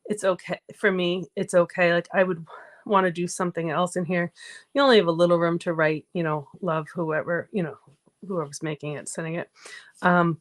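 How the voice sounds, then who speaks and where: A woman from Massachusetts hosting a card-making livestream, chatting casually as she works and reads out viewer comments. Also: lowish voice. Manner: chatty, talks through her crafting steps and reads out viewer comments. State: out of breath. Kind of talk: casual craft livestream chat.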